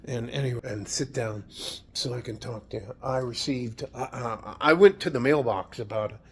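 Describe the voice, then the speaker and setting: A middle-aged man, an army veteran, talking casually to camera at home, halting and rambling, foggy from medication, swearing now and then. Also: mid-range voice, a bit bright, a little hiss or hum. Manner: rambling, halting, swears, loses his train of thought. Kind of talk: emotional casual talk to camera. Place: at home indoors.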